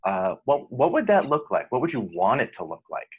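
A man's voice: medium pitch, sing-song, a little fast, breathy edge, muffled recording. A man interviewing a guest, admiring and hesitant, with frequent restarts.

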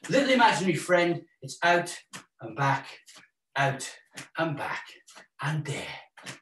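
Welsh guy running a fitness class, kinda high voice for a bloke, cheery and joking, sounds roomy and off-mic. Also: very animated, slow pace, a bit bright, a little hiss or hum. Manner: upbeat, encouraging, jokey, counting out moves. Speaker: fitness instructor. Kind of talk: live exercise class instruction. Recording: roomy echo, mic at a distance.

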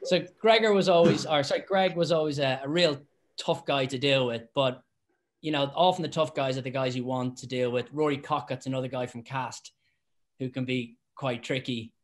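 A man's voice: mid-range voice, moderate pace. Chatty ex-referee man telling stories. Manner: animated storyteller, acts out quotes, laughs often. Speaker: former rugby referee, guest. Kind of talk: casual panel chat.

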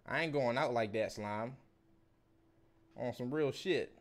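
A young man, streaming a game pack opening with animated, slangy, swearing commentary. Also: medium pitch, takes it slowly.

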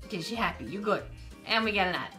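Bright-voiced woman streaming a mobile game. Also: medium pitch, animated, fast, faint music behind. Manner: playful, reads game text aloud and reacts. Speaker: gaming streamer. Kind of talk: casual let's-play commentary.

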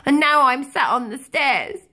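A woman's voice: sits high, animated, a little slow, bright, forceful tone, exaggerated voice. A woman voicing a sulky little girl who tells her story in a whiny, childlike way that swings into wailing, in a comic monologue.

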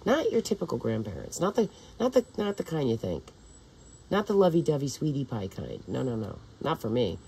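An older woman with a low voice rambles through a casual monologue, her pitch rising and falling widely. She restarts sentences often and swears without a second thought. Her talk wanders from one thought to the next. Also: sing-song, brisk, vocal fry, dark tone, breathy edge, poor audio. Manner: meandering, profane, with frequent restarts. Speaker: vlogger.

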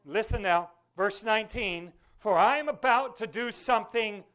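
Male pastor, very high voice, fervent sermon, call-and-response, church. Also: normal speed, a bit bright. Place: church sanctuary.

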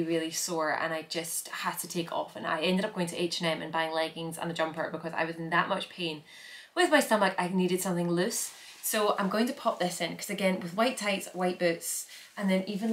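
Rambling through a packing vlog with plenty of filler words, this young woman from Scotland chats casually. She has a lowish voice, heard in a reverberant space.

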